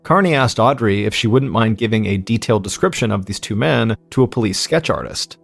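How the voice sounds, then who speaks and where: An American man in his thirties calmly narrating a true-crime story as podcast host, in a measured way. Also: lowish voice, gravelly.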